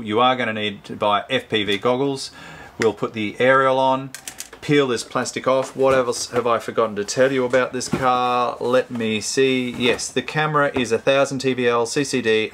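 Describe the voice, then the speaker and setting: A man's voice: medium pitch, fairly bright tone, slight background noise. A man hosting a casual product review, chatting and rambling as he unboxes, often correcting himself mid-sentence. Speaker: host.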